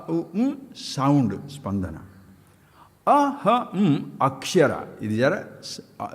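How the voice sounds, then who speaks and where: A man giving a spiritual discourse, playful and animated, chanting syllables with big leaps in pitch. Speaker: spiritual teacher. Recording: long hall reverb.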